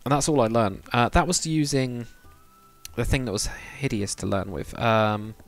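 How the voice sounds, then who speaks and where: A man's voice: mid-range voice, moderate pace, soft background music. A young man, chatting casually on a live stream while building in a game, rambling and reading viewer comments aloud.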